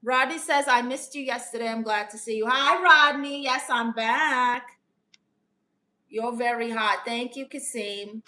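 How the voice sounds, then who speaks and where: Bright-voiced New York woman reading chat. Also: on the high side, unhurried. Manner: chatty, calls viewers honey, playful aunt persona. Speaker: live streamer giving advice. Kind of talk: live stream chat, reading comments aloud.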